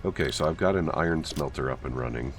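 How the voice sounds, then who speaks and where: A man co-playing on a livestream, relaxed and practical as he directs the building. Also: rumbling low, fast talker, soft background music. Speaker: guest co-player. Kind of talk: casual gaming livestream chat.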